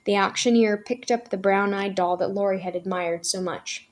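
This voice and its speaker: A woman's voice: medium pitch, steady tone, brisk, few pauses. Woman reading a children's novel aloud. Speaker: storyteller.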